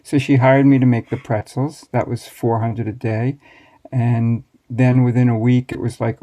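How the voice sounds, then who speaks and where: American man, sixties, warm low-bright tone, relaxed wry storyteller, interview guest. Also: moderate pace. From United States. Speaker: master baker, interview guest.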